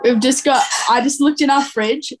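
Giggly, teasing woman guest with a very high, bouncy voice and faint background noise. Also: fairly even intonation, normal speed. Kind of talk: casual chat.

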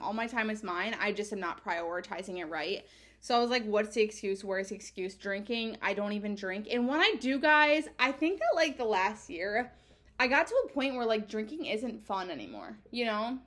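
A woman's voice: mid-range voice, expressive, moderate pace, a bit bright. A woman in her twenties hosting her own podcast, talking candidly in a chatty, casual monologue full of "like" fillers and casual swearing. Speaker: podcast host.

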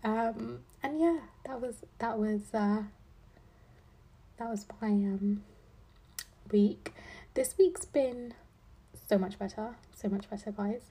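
A woman's voice: fairly high pitch, slow pace, pauses often, warm tone, slightly rough. A woman in her twenties hosting a podcast, chatting casually with lots of fillers and dry sarcasm. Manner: rambling, filler-heavy, with frequent "like" and "um"; playful sarcasm. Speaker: podcast host, law student. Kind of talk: casual chat.

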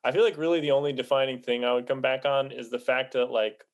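A man's voice: medium pitch, steady tone, quick pace, muffled recording. Chatty man co-hosting a podcast. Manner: chatty, laughs often, acts out quotes. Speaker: podcast co-host. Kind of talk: casual comedic discussion.

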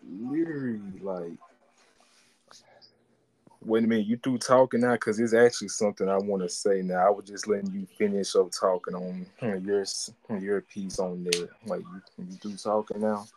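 A young man hosting a podcast in casual, slangy chat, animated and full of "like". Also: lowish voice, normal speed, a little hiss or hum, low-quality recording. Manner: slangy, animated, repeats filler "like". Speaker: podcast host.

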